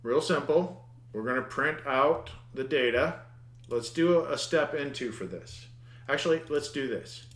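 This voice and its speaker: A man's voice: mid-range voice, animated, a little slow, a bit bright, echoey room. A man teaching a programming lesson over his screen, thinking aloud, muttering at the code and restarting his words. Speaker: programming instructor. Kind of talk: screen-recorded coding lesson.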